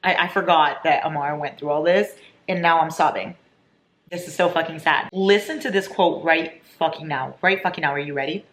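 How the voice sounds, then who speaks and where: A young woman in her twenties, gushing and excitable as she chats casually about books in a reading vlog. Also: deep voice, a little fast. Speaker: book vlogger. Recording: echoey room with faint noise.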